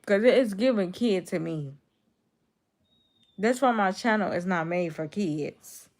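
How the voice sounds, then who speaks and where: A woman in her twenties with a Chicago accent, chatting casually on a livestream and answering her viewers' comments. Her voice is naturally low and gravelly, the kind viewers take for a cold. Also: animated, a little slow, a little mellow. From Chicago, USA. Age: 20s. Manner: talks straight to her chat, reading and answering comments.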